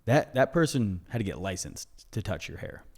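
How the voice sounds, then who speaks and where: Laid-back low-voiced young man. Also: expressive, normal speed, darkish tone. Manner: laid-back, hedging, lots of "you know". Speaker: podcast co-host. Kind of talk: casual comedic chat.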